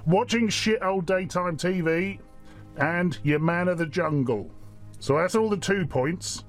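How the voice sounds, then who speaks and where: A man voicing a foul-mouthed, impatient male vampire celebrity, gruff and sweary in a comedy sketch. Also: high-pitched, unhurried, faint music behind. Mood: grumpy.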